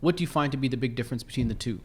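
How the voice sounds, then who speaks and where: A man in his thirties from Canada hosts a podcast, relaxed and asking long, winding questions. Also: mid-range voice, rapid-fire, slightly rough. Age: 30s. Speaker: podcast host. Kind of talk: casual interview talk.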